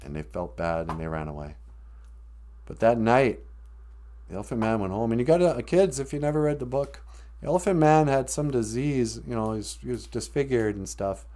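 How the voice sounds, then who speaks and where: A man hosting a comedy live stream, telling a rambling, jokey story with lots of pitch swings. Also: fairly quick, warm tone. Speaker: comedian host.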